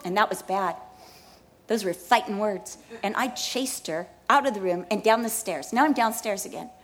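A woman's voice: medium pitch, moderate pace, a bit bright, slight background noise. A pastor's wife giving a dramatic personal testimony in a sermon, acting out scenes as she tells them.

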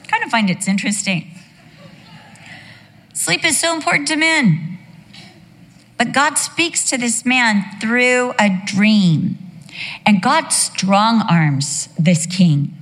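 Middle-aged woman preaching slow n funny, acts out voices, big reverby church hall. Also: fairly high pitch, animated, a bit bright. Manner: humorous, acts out voices in her stories. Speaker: pastor. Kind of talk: sermon. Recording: long reverb of a large hall.

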